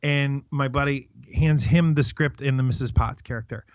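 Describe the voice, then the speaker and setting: A man's voice: medium pitch, fairly even intonation, normal speed, no room sound. Middle-aged man, rambling podcast storyteller. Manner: rambling storyteller, chatty and self-interrupting. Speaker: podcast co-host. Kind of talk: casual chat. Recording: dry, slightly dull lo-fi sound.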